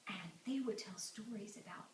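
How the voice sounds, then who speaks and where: A woman telling a folk tale to children at home, speaking in an animated way and talking straight to a child. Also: mid-range voice, moderate pace, background noise. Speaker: storyteller. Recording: echoey room, mic far off.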